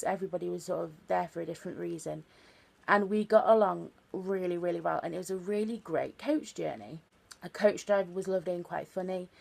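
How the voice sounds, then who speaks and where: A woman's voice: fairly low pitch, gravelly, darkish tone. A woman of twenty telling a chatty, earnest story for her vlog, full of fillers and repeated words. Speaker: vlogger.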